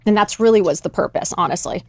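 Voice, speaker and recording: A woman in her forties, a podcast guest, telling her story in casual chat, candid and animated, swearing freely. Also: on the low side, fast, vocal fry, no echo.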